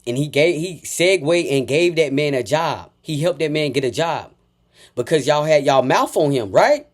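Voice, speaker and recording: A man with a slightly high voice tearing into someone in a profane reaction rant. He taunts and repeats his insults, and drops from low muttering to sudden loud outbursts. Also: lively intonation, moderate pace. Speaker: reaction commentator.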